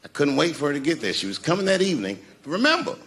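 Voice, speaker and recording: Animated male stand-up comedian. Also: fairly high pitch, fast talker. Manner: animated, swings between loud outbursts and hushed mumbles; profane. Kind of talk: stand-up storytelling.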